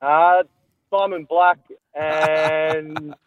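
An Australian man calling in to a radio quiz, answering with relaxed hesitation. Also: a little high, drawn-out words, no room sound. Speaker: caller. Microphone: phone line. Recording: tinny phone line.

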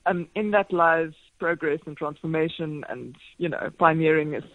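A woman in her forties, a radio guest telling stories in a lively, self-deprecating way, laughing often. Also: low-pitched, moderate pace, no room sound, phone-quality sound. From South Africa. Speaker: marathon swimmer and speaker, radio guest. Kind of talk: casual radio interview chat. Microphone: phone line into radio studio.

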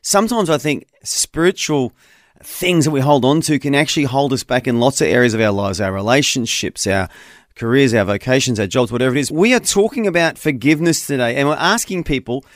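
A man's voice: mid-range voice, animated, brisk, no room sound, clean studio sound. A man hosting a Christian talkback radio show, taking callers in an earnest, encouraging, conversational way.

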